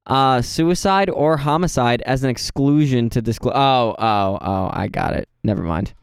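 A man with a smooth, clear voice trading quick teasing jokes as a podcast co-host. He sounds close to the mic in a dry space. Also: mid-range voice, no room sound. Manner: teasing, joking, quick banter. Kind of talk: casual chat.

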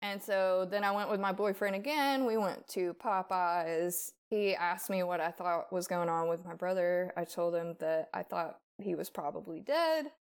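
A woman's voice: lowish voice, normal speed, few pauses, clear, resonant tone. A woman guest on a podcast telling her own story casually, bluntly, with frequent swearing. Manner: blunt, swears often, rambling.

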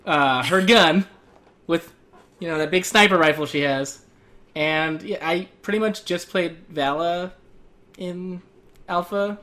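A man's voice: fairly high pitch, pushed and bright. A man with an Arizonan accent, co-hosting a casual gaming chat, rambling and laughing at himself. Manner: rambling, self-deprecating, laughs often.

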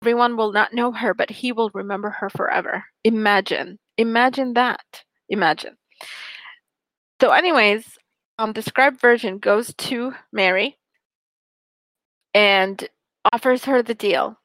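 A woman's voice: on the high side, measured pace, dry recording, poor audio. A young woman in casual chat, eagerly retelling a book's plot with restarts and fillers. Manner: animated storyteller, frequent restarts and fillers.

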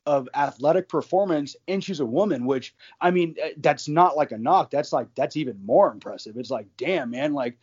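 A man co-hosting a casual sports podcast, rambling through his thoughts with lots of restarts and quick laughs. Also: on the high side, darkish tone, breathy edge, dull audio. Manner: rambling, many fillers and restarts, laughs often.

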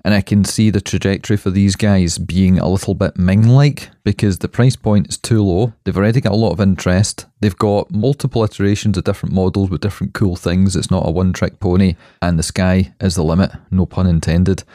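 A Scottish man co-hosting a podcast, his voice low and mellow. He tells stories with lively relish, and the sound is close and dry. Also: brisk, hardly any pauses, no room sound. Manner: animated storyteller. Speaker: podcast co-host. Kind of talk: casual chat.

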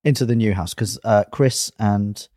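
A man from England with a lowish, dark-toned voice co-hosts a casual podcast chat, speaking at a moderate pace. He tells rambling stories and corrects himself as he goes, recorded in clean studio sound with no room sound.

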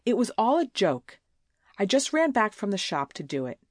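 A woman's voice: medium pitch, big pitch swings, moderate pace, no room sound, clean studio sound, voice pushed up. A woman voicing a crafty, whining teenage schoolgirl who pleads and stammers tearfully in a storybook reading.

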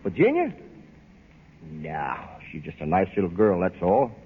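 Brash lovesick young fella, lowish voice, folksy slang, tinny radio. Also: male voice, wildly swooping pitch, a little slow, breathy edge, heavily acted. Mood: bluffing. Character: brash lovesick small-town young man. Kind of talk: 1940s radio acting. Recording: tinny old radio broadcast with music.

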